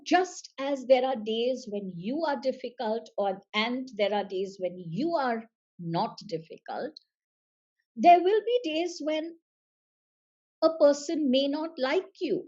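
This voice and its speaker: Slow, breathy woman giving a seminar talk. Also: high voice, expressive, darkish tone, lo-fi sound. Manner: measured, emphatic, repeats phrases. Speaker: seminar speaker and facilitator.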